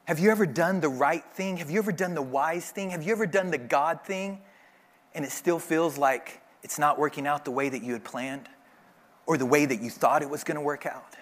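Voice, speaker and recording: A man with a fairly high voice delivers a church sermon. He tells the story vividly and jumps into quick acted voices for each character. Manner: animated storytelling, acting out voices. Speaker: pastor.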